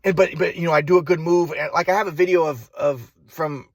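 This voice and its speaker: A man's voice: fairly high pitch, steady tone, brisk, dry recording. A young man telling his own story in a rambling, profane monologue, full of restarts and repeated words. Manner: profane, restless, many restarts. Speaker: vlogger.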